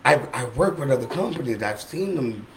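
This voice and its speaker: A man's voice: medium pitch, lively intonation, brisk, a bit bright, slight background noise. A man talking passionately in a casual podcast chat, often restarting his sentences. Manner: passionate, repeats himself, restarts. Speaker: guest, medical cannabis worker.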